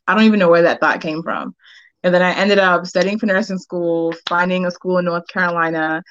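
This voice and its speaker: A woman in her thirties from Boston, chatting as an interview guest. She tells her story candidly and laughs easily, in a somewhat low voice. The sound is dry and a little dull. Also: fairly even intonation, a little fast, a bit bright, no echo. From Boston, United States. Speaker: real estate agent, guest. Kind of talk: casual interview chat.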